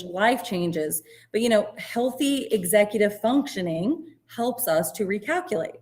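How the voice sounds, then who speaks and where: Chatty woman teacher presenting. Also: mid-range voice. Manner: chatty and self-deprecating, with quick muttered asides. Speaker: special education teacher giving a library workshop. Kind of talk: informal presentation.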